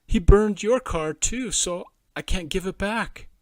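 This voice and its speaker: Storybook little boy, played by a man, high, shouty, dry close read. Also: a little slow, dry recording. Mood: sad. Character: small boy, poor and tearful. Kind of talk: children's storybook reading.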